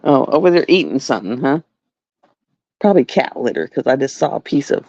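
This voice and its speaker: A woman's voice: extremely low pitch, animated, fairly quick, darkish tone, dry recording, highs cut off. A woman from the chatting casually at home on a live stream, rambling and repeating herself. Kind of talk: casual chat. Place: home with pets.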